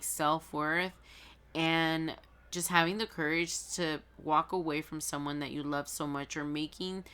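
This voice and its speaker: A woman's voice: sits low, a bit bright. A woman giving an intuitive tarot reading to her viewers in a chatty, emphatic and encouraging way, often restarting her sentences. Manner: earnest and encouraging. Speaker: tarot reader.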